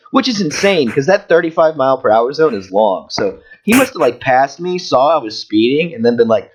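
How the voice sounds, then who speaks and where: A man's voice: medium pitch, normal speed, hardly any pauses, highs cut off. A man co-hosting a podcast, telling a story in casual chat, swearing constantly and working himself up. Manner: profane, heated, animated storytelling. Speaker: podcast co-host.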